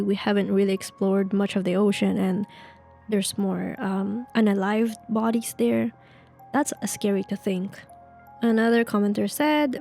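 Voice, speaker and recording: Woman narrator, mellow hushed read of spooky tales, faint music behind; casting for storytelling channel. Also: mid-range voice, vocal fry. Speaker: narrator reading online stories. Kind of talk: reading a creepy story aloud, then commenting.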